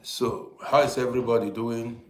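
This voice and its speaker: An older man hosting a casual morning live stream, chatting and greeting viewers, often pausing and restarting. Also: mid-range voice, steady tone, reverberant.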